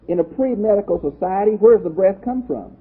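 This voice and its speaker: A man from Texas, a pastor teacher giving a lively, conversational Bible study lecture and asking his class questions. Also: high voice, fairly quick, slightly rough. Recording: tinny lo-fi phone-like audio.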